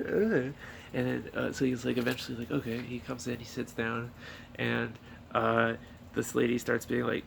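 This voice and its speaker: A man's voice: medium pitch, level tone, moderate pace, vocal fry, a bit bright, slight background noise. A young man casually rambling through a movie review into his own camera, swearing often and full of fillers and restarts. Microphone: camera filming himself.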